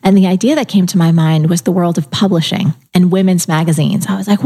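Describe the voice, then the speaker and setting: A middle-aged woman telling her life story in casual conversation, animated, acting out her own inner voice and the people she quotes. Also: fairly low pitch, a little fast, hardly any pauses, slightly rough.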